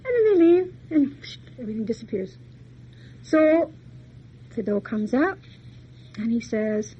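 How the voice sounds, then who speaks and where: A woman's voice: on the high side, big pitch swings, unhurried, pauses often, highs cut off, a little hiss or hum. Chatty woman lecturer retelling a tale. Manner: folksy, chatty retelling with asides. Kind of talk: storytelling lecture.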